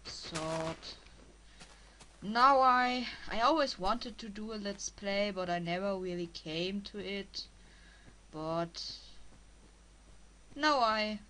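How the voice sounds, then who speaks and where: A woman with a strong German accent, a native German speaker, giving halting, casual commentary as she plays a game and talks to herself. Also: medium pitch, bright, forceful tone, a little hiss or hum, low-quality recording. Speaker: let's player.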